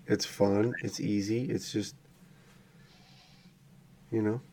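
A man in relaxed, easygoing casual chat with a friend, dry in his remarks. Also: lowish voice, takes it slowly.

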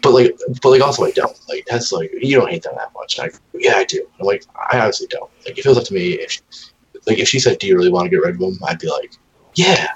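A man's voice: mid-range voice, expressive, quick pace, muffled recording. A man in casual chat, telling rambling, profane stories about his dogs and mimicking them. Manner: rambling storyteller, swears often, mimics his dogs in voices.

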